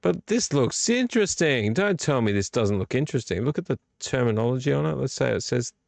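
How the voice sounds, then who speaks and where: A man's voice: mid-range voice, very animated, a little fast, gravelly, darkish tone, no echo. A man hosting a live vlog, chatting casually and enthusiastically, rambling, swearing freely and talking straight to his viewers. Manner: enthusiastic, talks to the chat directly. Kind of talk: casual live-stream chat.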